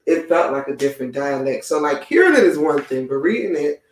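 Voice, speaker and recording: A man chatting casually in a book club discussion, sharing local details in a relaxed way. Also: on the high side, a little fast, slight background noise. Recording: roomy sound from a distance.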